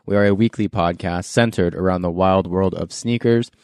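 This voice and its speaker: A man's voice: sits low, fairly even intonation, normal speed, a little mellow, smooth, no echo, clean studio sound. Laughing, joking male podcast host. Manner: laughs often, loose and joking. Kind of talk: casual podcast chat.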